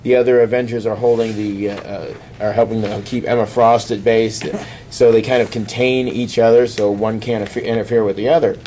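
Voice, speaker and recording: A man casually recapping a comic on a podcast, rambling and acting out the characters' lines in quick voices. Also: on the low side, little pitch movement, mellow, slight background noise. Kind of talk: casual chat.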